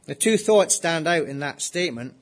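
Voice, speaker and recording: A man preaching a sermon in an earnest way, asking the listeners rhetorical questions and slowly repeating his key phrases. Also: on the high side, expressive.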